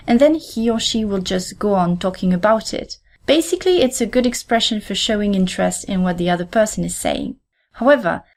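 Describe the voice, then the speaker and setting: A woman who hosts a podcast and teaches French gives a scripted language lesson. Her voice is medium in pitch and a little mellow, and she speaks clearly and deliberately, repeating example phrases slowly.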